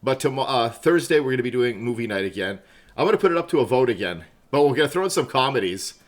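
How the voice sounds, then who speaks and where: A man's voice: mid-range voice, expressive, fast talker. A man chatting casually on a game livestream, laughing often, greeting viewers by name, wired on coffee, with keyboard clicks behind. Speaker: livestream gamer.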